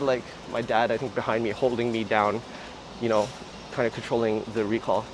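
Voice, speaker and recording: A man's voice: medium pitch, steady tone, brisk, a little hiss or hum, poor audio. A man hosting a casual livestream outdoors on city streets, chatting in a rambling way with lots of fillers. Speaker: livestream host.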